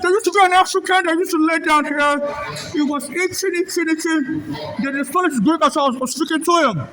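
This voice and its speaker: A man from Nigeria with a voice muffled by a face mask, filming an agitated confrontation on a handheld phone in a subway station. He is agitated, stammers and repeats himself, and often shouts. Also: extremely high pitch, fairly even intonation, fairly quick.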